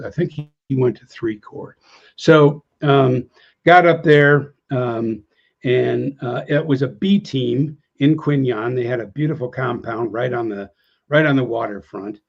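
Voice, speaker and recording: An older American man telling war stories in an interview, rambling with many fillers and restarts, and raising his voice when he acts out old conversations. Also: a little slow. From United States. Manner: acts out quoted dialogue with lifted pitch. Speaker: interview guest, veteran. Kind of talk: casual storytelling. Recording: dull lo-fi audio.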